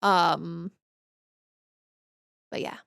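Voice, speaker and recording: A woman's voice: lowish voice, steady tone, drawn-out words, vocal fry, a bit bright, no echo, clean studio sound. A woman from northern Canada, a streamer chatting casually with her viewers in a rambling, easygoing way as she reads and answers chat.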